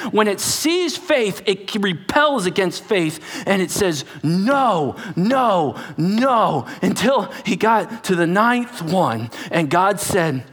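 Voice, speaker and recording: A man preaching a sermon, telling the story dramatically and acting out voices, dropping to whispers and rising to loud outbursts. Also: sits high. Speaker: pastor.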